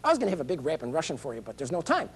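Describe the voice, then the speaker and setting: A husky, breathy-voiced middle-aged man rambles theatrically through a campaign speech on local television. He jumps from topic to topic and keeps slipping into snippets of foreign languages. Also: a little high, wildly swooping pitch, rapid-fire. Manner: breaks into foreign phrases. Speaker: political candidate. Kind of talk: public-access TV speech.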